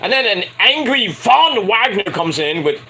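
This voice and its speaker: A man's voice: high voice, sing-song, normal speed, bright, forceful tone, a little hiss or hum, low-quality recording. A man giving a casual, crude and opinionated wrestling review, swearing freely.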